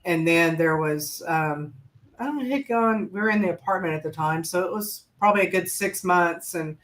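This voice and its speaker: A woman co-hosting a casual chat, telling a relaxed, rambling story with fillers and restarts. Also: fairly low pitch, normal speed, poor audio. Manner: relaxed, rambling, loses her thread with fillers. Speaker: podcast co-host.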